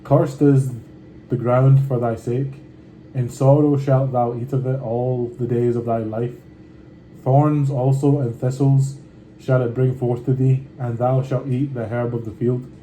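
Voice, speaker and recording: Very mellow-voiced man reading scripture. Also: mid-range voice, level tone, a little hiss or hum, poor audio. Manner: deliberate reading with slangy offhand comments. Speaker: scripture reader. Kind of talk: reading scripture aloud with casual asides.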